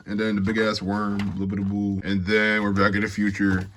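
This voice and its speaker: A man with a deep, low voice recaps a comic book in a casual, profane way. He jokes and laughs through quick asides as he goes. A faint hiss of noise sits under the recording. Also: flat delivery, a bit bright.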